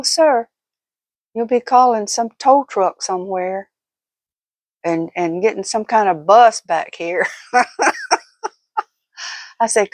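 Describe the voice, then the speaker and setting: A woman's voice: mid-range voice, dry recording. Older woman, folksy and chatty. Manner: chatty, folksy, laughs often. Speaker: vlogger. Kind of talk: casual storytelling vlog.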